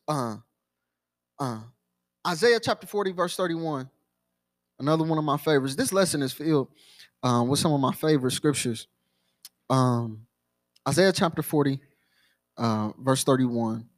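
A man's voice: on the high side, expressive, moderate pace, pauses often. A young adult man preaching a sermon, telling a personal story with many repeats and restarts. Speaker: pastor.

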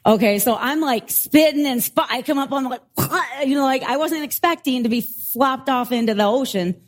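High-voiced woman preaching a lively sermon. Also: normal speed. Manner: animated storytelling, laughing as she tells it. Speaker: pastor.

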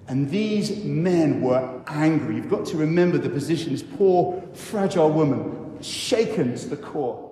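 A man who is a vicar, giving a sermon in a church and telling the story slowly with reflective pauses. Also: fairly high pitch, lively intonation, mellow. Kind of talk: sermon talk. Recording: echoey church hall.

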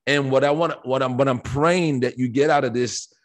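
A man with a mid-range voice talks on a faith podcast in an animated, preacher-like way. He presses his points with rhetorical questions, and his tone is emphatic and conversational. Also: mid-range voice, moderate pace. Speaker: podcast co-host. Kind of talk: preaching-style faith discussion.

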